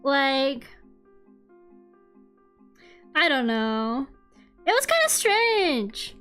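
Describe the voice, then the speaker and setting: A young woman streamer telling a story in a casual, animated rant, swearing and laughing along the way. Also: high voice, extremely slow. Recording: faint music behind.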